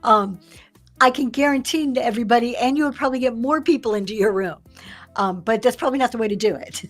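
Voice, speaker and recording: A woman's voice: on the high side, fast, faint music behind. Chatty, laughing woman host. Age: middle-aged. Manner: chatty, laughs often, reads viewer comments aloud. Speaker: live-sale seller and host. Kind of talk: casual livestream business talk.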